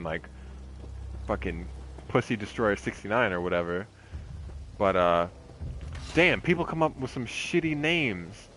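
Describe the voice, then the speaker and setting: A man's voice: fairly low pitch, fairly bright tone. A young man casually commentating while he streams a game, rambling off on tangents in a laid-back, heavily profane way. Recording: game music playing behind the voice.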